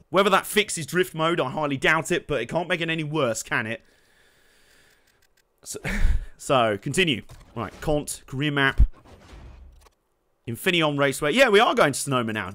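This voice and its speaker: Jokey young man, bright and lively. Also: on the high side. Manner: jokey, laughs often, swears, bursts out excitedly. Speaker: let's play host. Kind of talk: casual gameplay commentary.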